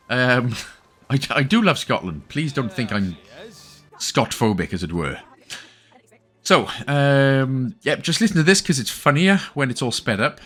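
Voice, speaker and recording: A man's voice: mid-range voice, a bit bright. A Welsh man hosting an achievement guide, talking chattily with joking asides. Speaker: gaming channel host. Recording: faint game music behind.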